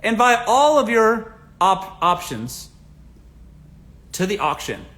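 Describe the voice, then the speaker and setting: A man hosting a casual livestream, his voice pitched a little high for a man. He gives blunt, joking answers to viewer questions and keeps addressing the audience as folks. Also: sing-song, slow, fairly bright tone. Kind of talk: casual livestream advice chat.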